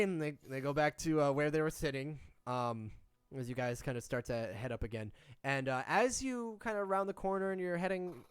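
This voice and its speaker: A man's voice: medium pitch, clean tone, no room sound, clean studio sound. A man narrating as game master in a tabletop game, rambling with many restarts. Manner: rambling, frequent restarts and fillers.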